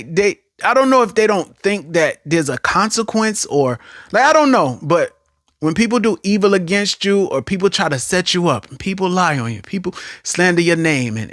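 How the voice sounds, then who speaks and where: A man preaching an online sermon, animated, repeating phrases for emphasis and often checking in with "right?". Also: mid-range voice, dry recording, clean studio sound.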